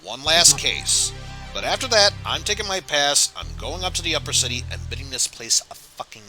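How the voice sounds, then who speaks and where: A man's voice: fairly high pitch, big pitch swings, pushed and bright, exaggerated voice, low-quality recording. A man reading the lines of a determined young male fighter, blunt and impatient, with game music behind. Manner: reads dialogue quickly, blunt and swearing.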